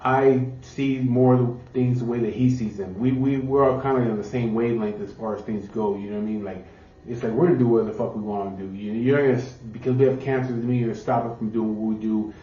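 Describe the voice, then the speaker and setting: A man's voice: medium pitch, steady tone, fast talker, mellow. A man hosting a casual sit-down chat. He talks in a laid-back way and swears constantly. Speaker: host of a biker channel. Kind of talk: casual chat, telling a story. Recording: roomy, distant, dull sound.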